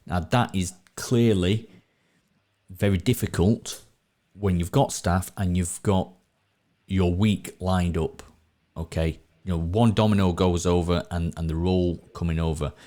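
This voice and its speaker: A man's voice: low voice, steady tone, measured pace, mellow. A man hosting a casual live-stream chat, talking in a loose way with many restarts and repeated words. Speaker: podcast host. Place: at home.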